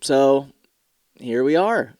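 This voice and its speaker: A man's voice: medium pitch, lively intonation, very slow, darkish tone, dry recording, studio quality. A tired young man hosting a casual solo podcast, ranting in a profane, sarcastic, rambling way. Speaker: podcast host.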